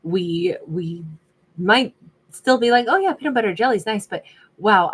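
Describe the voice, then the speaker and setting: A woman doing a casual tarot reading, chatty and sassy, laughing often and reading out viewer names. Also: on the low side. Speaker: tarot reader.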